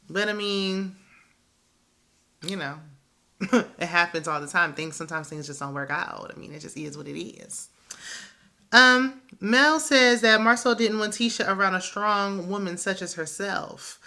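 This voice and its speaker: A woman's voice: mid-range voice, moderate pace, sharp tone. A woman hosting a casual reality TV recap, chatty and opinionated, who laughs often.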